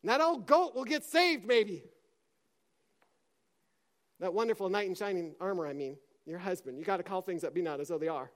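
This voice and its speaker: A man preaching a sermon with passion, dropping to a hush and then rising to a shout as he acts out scripture scenes. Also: high voice, expressive, normal speed, pauses often. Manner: impassioned, swings from hushed to shouting; acts out scripture dialogue in character.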